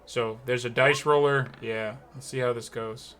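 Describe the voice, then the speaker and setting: A man's voice: mid-range voice, steady tone, normal speed, fairly bright tone. A man narrating a tabletop game as game master, rambling and full of fillers and laughter.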